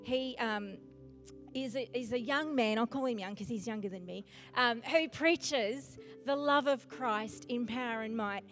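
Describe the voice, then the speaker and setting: A woman introducing a guest preacher to a church, speaking haltingly with many pauses. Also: fairly high pitch, fairly bright tone. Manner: hesitant, many fillers. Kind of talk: introduction from the pulpit. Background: music.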